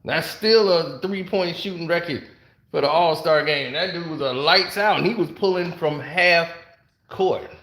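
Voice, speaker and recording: A man casually telling stories to camera, animated, laughing often and acting out other people's lines. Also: a little high, a little slow. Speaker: host. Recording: roomy echo.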